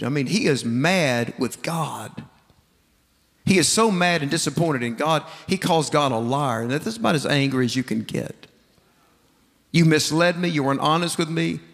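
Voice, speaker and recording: High-voiced preacher in a reverberant hall. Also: male voice, a bit bright. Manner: emphatic preaching with repeated phrases and scripture quotes. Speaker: pastor. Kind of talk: sermon. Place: large church sanctuary.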